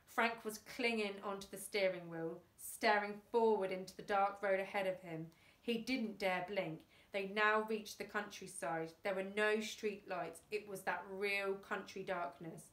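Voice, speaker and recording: Slow, higher-voiced teacher reading aloud in a roomy room. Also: female voice, fairly even intonation, fairly bright tone, distant mic. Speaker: class teacher. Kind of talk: storybook read-aloud. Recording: roomy echo.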